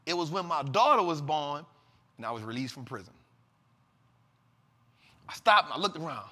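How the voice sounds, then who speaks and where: Animated man telling a story in a hall. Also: on the high side, a little fast, pauses often. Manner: dramatic storyteller, acts out dialogue, swings between loud and hushed. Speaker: host.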